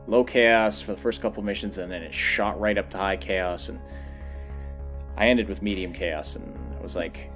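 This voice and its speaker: A young man talks through his experience with a game, stopping and restarting as he searches for words. His voice sits on the lower side, with faint music under it. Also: fairly even intonation, moderate pace. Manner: hesitant, restarting phrases. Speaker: guest. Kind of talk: casual game discussion.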